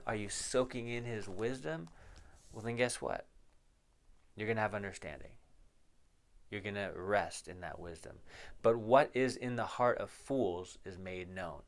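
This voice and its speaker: A man with a lowish, fairly bright voice teaches as a pastor, going verse by verse through a Bible passage. He reads every verse aloud and then explains it, asking the listeners rhetorical questions along the way.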